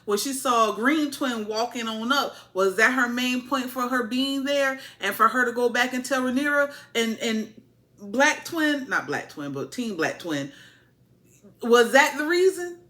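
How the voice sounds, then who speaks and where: Animated woman with lively bright voice. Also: a little high, a little slow. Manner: animated, playful, acts out characters in quotes. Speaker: TV show reviewer. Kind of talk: casual recap commentary.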